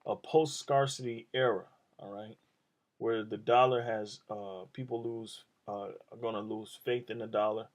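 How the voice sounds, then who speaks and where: A man's voice: fairly low pitch, steady tone, moderate pace. A man giving informal scripture teaching as a phone voice memo while driving his car, rambling with many fillers and tag questions. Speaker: religious teacher.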